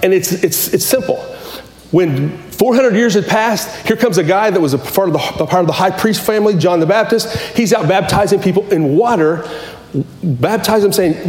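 A man's voice: sits high, moderate pace, darkish tone, echoey room. A man preaching a sermon as pastor, impassioned and repetitive, often restarting his phrases.

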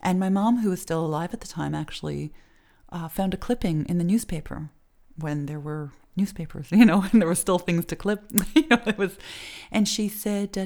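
A middle-aged woman speaking as an interview guest, her voice a touch low. She tells her stories in a chatty way, with plenty of fillers and laughs along the way. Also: moderate pace, a little mellow. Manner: chatty, many fillers, laughs while telling. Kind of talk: casual interview storytelling.

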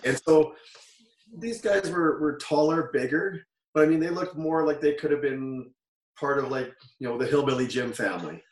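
A man's voice: fairly high pitch, moderate pace, far from the mic. A Canadian man in his forties telling stories as a guest in a casual interview, rambling and correcting himself as he goes. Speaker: guest, former wrestler. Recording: roomy, off-mic sound.

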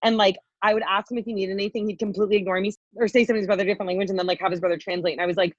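A woman's voice: medium pitch, steady tone, racing, few pauses, no echo. A young woman co-hosting a podcast, venting in a heated, profane ramble packed with "like" fillers. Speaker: podcast co-host. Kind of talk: casual chat, venting story. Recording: dull lo-fi dry podcast audio.

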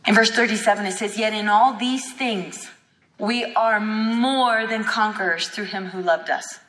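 A woman's voice: medium pitch, unhurried, fairly bright tone. A woman teaching a sermon at a healing school, fervent and emphatic, acting out bits of dialogue as she goes. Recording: echoey hall with long reverb.

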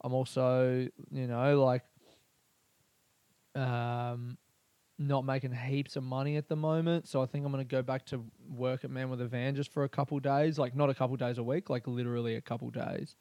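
A man's voice: mid-range voice, little pitch movement, normal speed, dark tone, clear, resonant tone, dry recording. A young man, a comedian, talking through a candid, rambling personal monologue full of fillers and swearing. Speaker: comedian podcast host.

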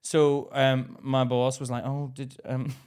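A man co-hosting a podcast, telling an animated story in casual chat, acting out what people said and laughing often. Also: medium pitch, slow pace, clear, resonant tone. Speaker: podcast co-host.

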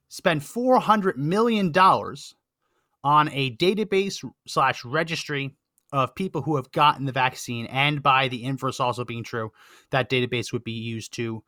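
A man's voice: mid-range voice, sharp tone, no echo, studio quality. A man hosting a political podcast, reading out a long list of names with sarcastic asides that drop to a mutter.

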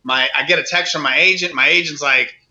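Brief: animated male actor guest, bright tense tone, slightly higher pitch, muffled lo-fi sound. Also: fairly quick. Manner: animated, acts out quoted voices, many restarts. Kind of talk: casual storytelling interview.

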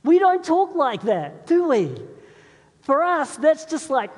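The pastor's voice is very high yet darkish, with a sing-song, unhurried delivery. He preaches to his church congregation in a conversational, storytelling manner, asking them questions, and the sound carries the long reverb of a large hall.

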